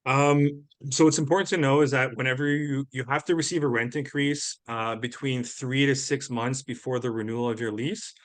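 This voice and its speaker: A man's voice: medium pitch, fairly even intonation, moderate pace, hardly any pauses, fairly bright tone. Earnest man explaining housing. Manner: earnest, explanatory, many fillers. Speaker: housing presenter. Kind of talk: webinar presentation and Q&A.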